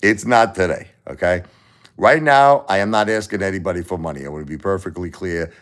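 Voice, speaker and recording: A middle-aged man with a Brooklyn accent chats on a casual livestream in a very low, deep voice. He rambles bluntly from one story to the next and swears freely. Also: brisk, fairly bright tone. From Brooklyn, New York. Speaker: livestream host and musician.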